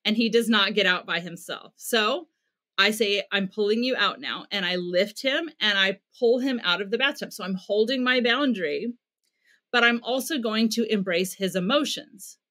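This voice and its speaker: A woman's voice: mid-range voice, moderate pace, sharp tone. An American woman guesting on a podcast, earnestly explaining parenting advice and acting out bits of dialogue as she goes.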